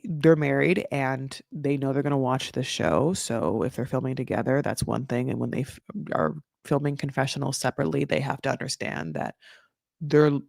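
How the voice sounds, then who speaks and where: A woman's voice: low voice, creaky, dry recording, clean studio sound. Chatty woman recapping reality TV. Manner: chatty and animated, peppered with "like" and laughter. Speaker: recap podcast host. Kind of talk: casual reality TV recap commentary.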